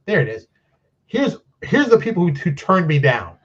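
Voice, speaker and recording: On a live-streamed interview, a game designer and publisher speaks as a guest in a high-pitched, breathy voice at a moderate pace, with dull audio. He's an animated storyteller, loose and self-deprecating, acting out the conversations he recounts.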